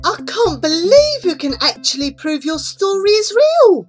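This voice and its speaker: A woman's voice: a little high, very animated, slow, music in the background, pitched above the performer's own voice. A woman doing Flora, a bossy, patient schoolgirl. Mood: earnest. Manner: bossy and patient, explains things. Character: eager, earnest schoolgirl who makes plans.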